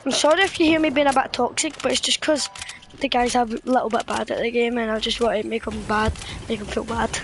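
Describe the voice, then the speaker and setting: A woman chatting casually with friends while playing a game, teasing them and bursting into excited shouts. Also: fairly high pitch, fast. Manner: playful trash talk, bursts of excited shouting. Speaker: gamer streaming with friends. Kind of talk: casual gameplay chat. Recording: noisy background.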